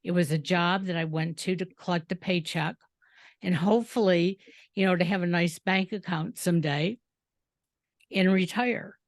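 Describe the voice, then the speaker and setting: A woman's voice: on the low side, normal speed, dry recording. Dry-sounding woman podcast host. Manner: storytelling, acts out dialogue. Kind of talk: casual interview chat.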